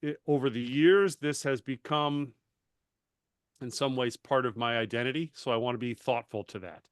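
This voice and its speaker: A man and coach talking casually on a panel, animated and self-deprecating, often restarting his sentences. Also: mid-range voice, normal speed, clear, resonant tone, no echo, clean studio sound. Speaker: master certified coach.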